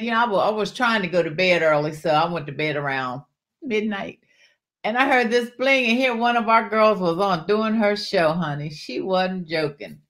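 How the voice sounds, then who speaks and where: A middle-aged woman runs a live jewelry sale at an easy, unhurried pace. She chats warmly with her viewers, calling them honey and y'all as she shows each piece. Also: medium pitch. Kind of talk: casual live-stream sales chat.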